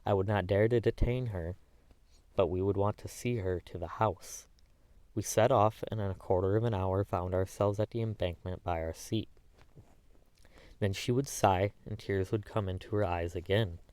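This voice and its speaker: A man with a low, deep voice reads a classic novel as an audiobook. He carries the dialogue in much the same plain voice as the narration. The recording is dry and close, with no room sound. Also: steady tone, moderate pace, darkish tone, smooth, no room sound.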